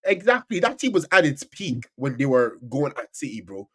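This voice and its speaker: A man chatting casually about football as a podcast co-host, animated and full of stammered restarts. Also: medium pitch, moderate pace, slightly rough. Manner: animated, stammering restarts, swings loud and soft.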